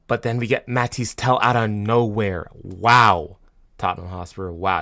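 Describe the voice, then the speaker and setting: A man hosting a football fan channel, talking casually and excitably with lots of fillers and restarts. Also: fairly low pitch, moderate pace. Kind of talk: casual vlog commentary.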